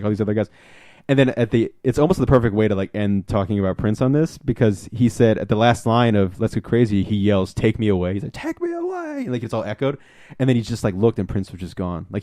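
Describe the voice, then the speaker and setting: A man with a lowish voice spins an excitable, rambling story on a casual podcast, swearing freely along the way. His voice sounds close and dry, with no room sound around it. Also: dry recording. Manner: rambling, excitable anecdote-telling with profanity. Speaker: podcast co-host.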